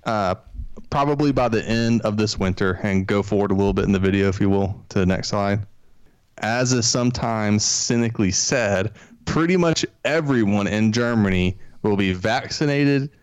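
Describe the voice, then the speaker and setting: A man's voice: on the low side, moderate pace, clean tone, no room sound. A man co-hosting a podcast in a casual, joking chat, reading out headlines and laughing often. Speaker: podcast co-host.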